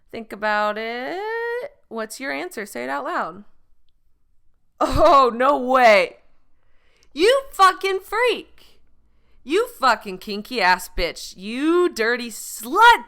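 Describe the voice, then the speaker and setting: A woman's voice: on the high side, pushed and bright, clear, resonant tone. A young woman hosting a comedy podcast, telling a crude, profanity-laced story with jokey asides. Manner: crude, profane, jokey with put-on quoted voices. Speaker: podcast host.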